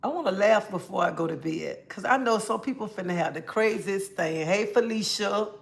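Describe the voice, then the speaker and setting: A woman hosts a relaxed livestream, calling out viewers by name and chatting easily. She sounds a little under the weather and talks into a phone or webcam mic. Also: medium pitch, gravelly. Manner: greets chat viewers by name, drawn-out friendly talk. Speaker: livestream host. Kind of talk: casual livestream chat.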